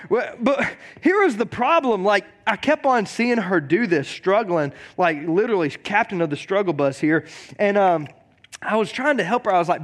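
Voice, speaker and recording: Male pastor, slightly high voice, chatty joking sermon with stumbles and repeats. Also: expressive. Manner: conversational and joking, repeats words; reads scripture slowly and deliberately.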